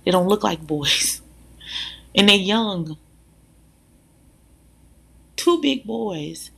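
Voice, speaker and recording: A woman, a mother, speaking in a casual, animated monologue, talking emphatically and directly to her listeners. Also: mid-range voice, extremely slow, creaky, breathy edge. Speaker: mother sharing views.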